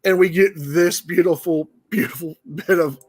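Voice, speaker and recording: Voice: mid-range voice, fairly even intonation, moderate pace, breathy edge. A show host giving reaction commentary on a clip, with amused asides.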